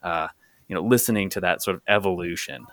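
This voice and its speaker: A man's voice: low-pitched, quick pace, fairly bright tone, dry recording. A man chatting casually as a co-host, laid-back and full of fillers. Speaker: co-host of car podcast. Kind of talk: casual chat.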